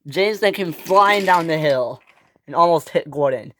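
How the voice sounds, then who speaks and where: Brief: unhurried amateur storyteller narrating a toy train tale, stumbling through restarts, mid-pitched voice. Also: slight background noise. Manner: halting, frequent restarts and fillers. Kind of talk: improvised storytelling with toys.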